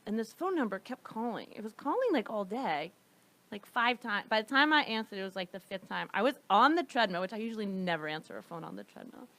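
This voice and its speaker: A young adult woman co-hosting a comedy podcast, telling stories in a casual, animated way and laughing often. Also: medium pitch, quick pace. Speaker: podcast co-host. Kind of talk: casual chat, storytelling.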